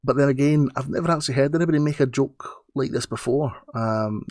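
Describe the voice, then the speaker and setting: A man's voice: mid-range voice, a little mellow, dry recording. Sarcastic Scottish man with a dry sound. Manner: sarcastic, halting, with stammered restarts. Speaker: streamer. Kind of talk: defensive reply to a critic.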